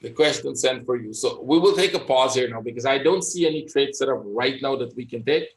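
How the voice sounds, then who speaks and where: Man, trading instructor, live session commentary, mid-pitched voice, thinks out loud, conversational. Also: a little fast. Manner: thinks aloud, often adds "right?".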